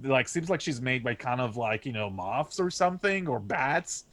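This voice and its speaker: A man's voice: mid-range voice, lively intonation, normal speed, fairly bright tone, dry recording. Laid-back man rambling casually. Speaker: podcast guest, game developer. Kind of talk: casual podcast chat.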